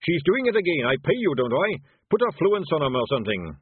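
A man's voice: fairly high pitch, sing-song, a little fast, husky, no room sound, pitched above the performer's own voice. A man voicing a pompous, short-tempered male dwarf shopkeeper who talks loftily and blusters, on a tinny recording. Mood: demanding. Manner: lofty, blustering, indignant. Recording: tinny phone-like audio.

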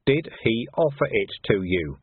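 A man doing Vimes, a gruff watch sergeant. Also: on the low side, big pitch swings, unhurried, no room sound, full character voice. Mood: brisk. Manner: curt, commanding, dry sarcasm. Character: gruff hard-bitten middle-aged male watch sergeant. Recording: tinny narrow audio, dry.

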